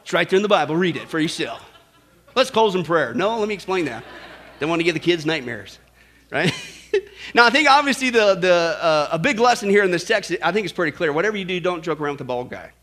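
A pastor preaching a sermon in a jokey, emphatic way, rising to loud exhortations. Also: male voice, sits high, sing-song, fast.

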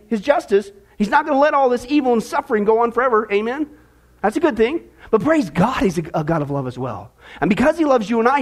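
A man preaching a sermon, joking with his congregation and addressing them directly. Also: very high voice. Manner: jokey, talks directly to the congregation. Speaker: pastor.

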